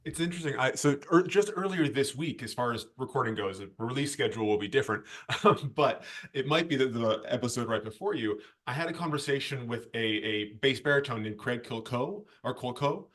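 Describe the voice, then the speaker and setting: A man's voice: medium pitch, lively intonation, fairly quick, few pauses, fairly bright tone. Friendly male podcast host on a call. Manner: friendly, many short backchannels and restarts. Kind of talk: casual interview over video call.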